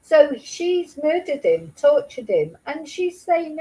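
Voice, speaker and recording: A woman's voice: high voice, sing-song, slow, mellow, poor audio. A woman vlogging her reaction to a news clip, emotional and angry, swearing in outbursts. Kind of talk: casual commentary.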